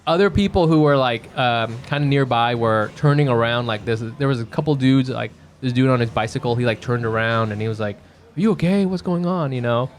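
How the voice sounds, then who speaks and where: A man co-hosting a podcast from a home bedroom, chatting casually and telling a story with lively, acted-out bits. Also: mid-range voice, fairly quick, few pauses. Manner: animated storyteller who acts out his own yelling. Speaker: podcast co-host. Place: home bedroom used as a quiet room.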